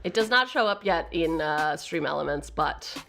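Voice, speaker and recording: A woman's voice: deep voice, animated, normal speed, creaky, a bit bright, faint music behind. A young woman streamer casually telling family anecdotes, chatty and laughing often between lines. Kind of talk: casual storytelling during a live stream.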